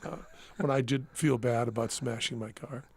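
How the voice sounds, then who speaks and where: Gravelly man telling a rambling story. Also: medium pitch, steady tone, normal speed, a little mellow, dry recording. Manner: rambling, self-mocking, laughs at his own stories. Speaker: podcast host. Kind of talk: casual storytelling chat. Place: studio.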